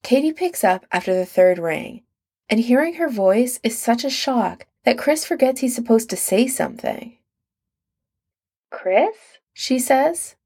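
Mellow-voiced woman reading an audiobook. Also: a little high, expressive, moderate pace. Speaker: audiobook narrator. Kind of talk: scripted narration.

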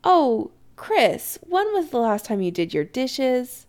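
A woman voicing a bubbly, meddling middle-aged sorceress mother who gushes in a high, sing-song way. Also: big pitch swings, slow pace, darkish tone, heavily acted. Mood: gushing. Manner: gushing, sing-song, cheerful.

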